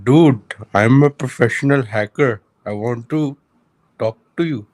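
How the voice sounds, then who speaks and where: A man's voice: mid-range voice, measured pace, darkish tone, close to an everyday voice. A man putting on an Indian accent to play a pushy scam caller who calls himself a hacker and insists over and over. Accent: put-on Indian accent.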